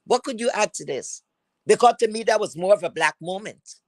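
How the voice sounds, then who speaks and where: A woman's voice: medium pitch, animated, fairly quick, dry recording. A woman gives a heated commentary rant. She is blunt, swears freely and keeps asking rhetorical questions.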